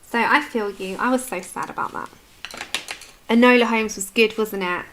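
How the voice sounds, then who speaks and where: Chatty British woman hosting a colouring stream, bright, higher voice, answers comments as she works. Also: normal speed, slight background noise. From United Kingdom. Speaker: colouring livestream host. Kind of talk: casual chat while colouring.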